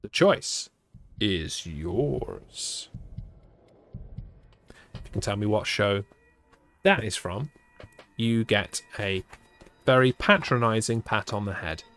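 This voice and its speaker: In a fairly low, slightly bright voice, a man streams a spooky choose-your-path story, speaking a little slowly and pausing often. He playfully teases his chat and pokes fun at himself.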